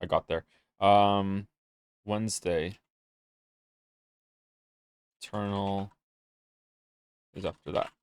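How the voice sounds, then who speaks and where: A man's voice: low-pitched, fairly even intonation, takes it slowly, long pauses, darkish tone, clean tone, no room sound, studio quality. A young man streaming, chatting loosely with his viewers, rambling and reading their messages aloud, sometimes flustered. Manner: rambling, reads chat aloud, gets flustered. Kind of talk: casual chat with viewers.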